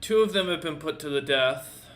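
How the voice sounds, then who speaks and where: A man's voice: on the high side, animated, moderate pace, fairly bright tone, slight background noise. A man playing a cold orc prince.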